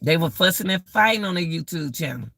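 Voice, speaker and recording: A woman's voice: on the low side, lively intonation, brisk, vocal fry, bright, forceful tone, no room sound. A middle-aged woman hosting a casual live-stream rant, exclaiming and repeating herself as she talks straight to her viewers.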